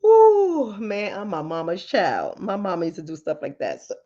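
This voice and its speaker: A woman hosting her channel in a casual monologue, lively and joking, with slang and frequent laughter. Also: mid-range voice, moderate pace. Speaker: channel host. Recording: slightly dull lo-fi audio.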